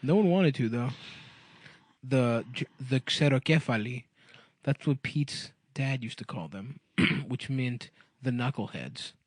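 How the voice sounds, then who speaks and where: A man's voice: medium pitch, expressive, slow, dry recording. A man chatting on a comedy podcast, rambling through an anecdote with frequent laughter and crude jokes. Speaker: podcast co-host. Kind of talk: casual comedic podcast chat.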